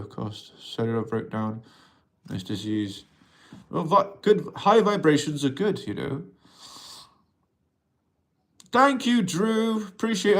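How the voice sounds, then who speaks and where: A man hosting a casual livestream about mental health, rambling as he reads out and answers viewers' comments and talks to them as an alien persona addressing humans, in an accent viewers ask about. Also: fairly high pitch. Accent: unplaced accent that viewers ask about. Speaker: livestream host.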